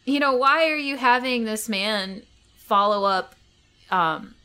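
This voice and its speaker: A woman's voice: on the high side, slow pace, pushed and bright, clear, resonant tone. A woman co-hosting a podcast in casual chat, wry and sarcastic as she jokes about the news. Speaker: podcast co-host.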